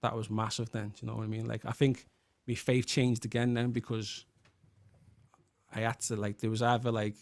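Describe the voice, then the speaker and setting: A man from Liverpool in his thirties, a guest musician and worship leader, talking in an earnest, halting way with many restarts. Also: mid-range voice, little pitch movement, no echo. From Liverpool, England. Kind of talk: casual chat.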